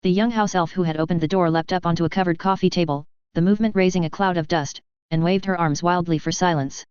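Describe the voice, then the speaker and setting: A woman narrates a story in a measured, even way. Her voice is lowish and very smooth and clean. The recording is dull and lo-fi, in a dry room close to the mic. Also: dry recording. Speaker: story reader. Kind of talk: reading fan fiction aloud.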